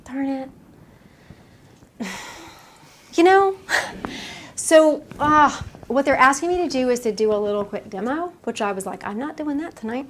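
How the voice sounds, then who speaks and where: A woman speaks to a small room as a medium, in a chatty, casual lecture. She acts out the dialogue of her stories and laughs often, and her voice sits a little high. There is faint noise in the recording. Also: animated, a little slow, long pauses. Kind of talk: casual lecture to a live audience.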